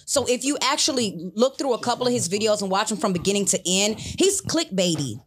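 A young adult woman in casual podcast talk, her voice at an ordinary middle pitch. She explains things plainly and bluntly, walking through examples step by step. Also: animated, a little fast, husky. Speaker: podcast co-host.

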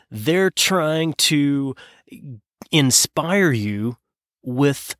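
A man hosting a business podcast, telling a story in an emphatic way with dramatic pauses. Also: on the high side, dry recording, clean studio sound. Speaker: podcast host. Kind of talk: scripted podcast intro monologue.

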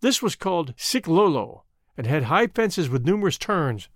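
A man narrating an adventure novel as an audiobook in an expressive, measured storytelling manner. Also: on the high side, dry recording, clean studio sound.

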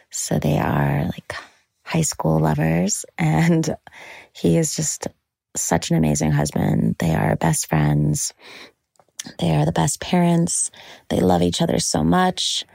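A woman hosts a podcast with a low, gravelly voice full of vocal fry. She gushes as she talks about her own life, and her phrases often trail off into breathy whispers. The sound is dry and close, with no room echo. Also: dark tone. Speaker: podcast host. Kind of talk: personal monologue.

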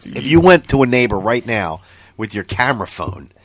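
A man's voice: medium pitch, normal speed. A man co-hosting a casual chat, telling stories with lots of swearing, laughter and incredulous outbursts. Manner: animated, profane storytelling with frequent laughter. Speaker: podcast co-host.

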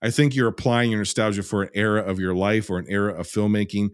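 A man's voice: on the low side, fairly even intonation, fast, clean tone, dry recording, clean studio sound. A man hosting a film review podcast in casual chat, with a profane, ranting, sardonic way of talking. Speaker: podcast host reviewing films.

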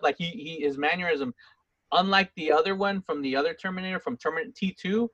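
A man with a notably high voice talks through his favorite movie scenes. He is relaxed and laughs easily. The recording is a bit dull and muffled. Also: quick pace. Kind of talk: casual chat about movies.

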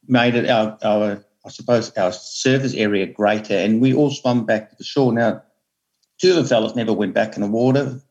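A man telling an earnest, halting story as a guest spearfisherman, often repeating his words. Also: medium pitch, a little mellow, muffled recording. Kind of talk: emotional storytelling.

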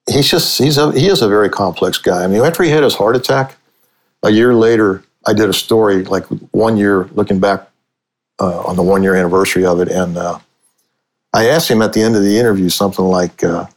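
A middle-aged man, a sportswriter and author, telling long anecdotes in a relaxed conversational way, restarting his sentences often. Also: lowish voice, low-quality recording. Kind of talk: conversational storytelling.

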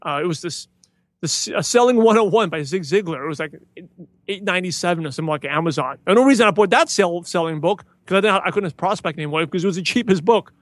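A man as a guest in a casual interview, talking enthusiastically and acting out greetings with animated emphasis. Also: sits high, fast talker, no room sound. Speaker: podcast guest, podcaster.

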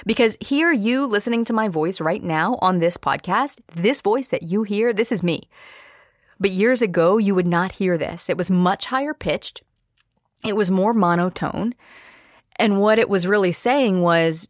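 A woman's voice: lowish voice, moderate pace, no room sound, clean studio sound. A woman hosting a solo podcast, talking candidly and expressively, with playful asides. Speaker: podcast host.

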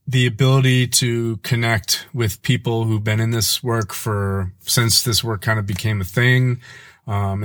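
A man chatting as a podcast guest, telling personal stories in a casual, animated way that sometimes halts and restarts. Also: no echo, clean studio sound. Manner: animated, playful, jumps into high voices mimicking his kids; halting, with frequent restarts when reflective. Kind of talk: casual conversational storytelling.

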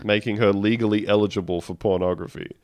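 A man's voice: lowish voice, steady tone, fast, a little mellow, clear, resonant tone, no echo. A man co-hosting a casual comedic podcast, reading news aloud wryly and laughing mid-sentence. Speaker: podcast co-host.

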